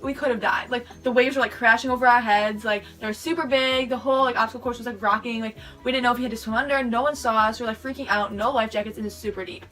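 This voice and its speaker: A woman's voice: a little high, fairly even intonation, fast talker, hardly any pauses, a bit bright. A teenage girl telling a storytime vlog, rambling and packed with "like" fillers. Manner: rambling, filler-heavy retelling with lots of "like". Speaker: vlogger. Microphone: camera mic. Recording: sped-up audio from a distant mic with music behind.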